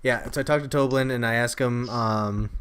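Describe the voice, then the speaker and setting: A man's voice: mid-range voice, fairly even intonation, moderate pace, a bit bright, a little hiss or hum. A man playing in a tabletop game, who stammers and laughs as he talks. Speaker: player. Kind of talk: casual tabletop play.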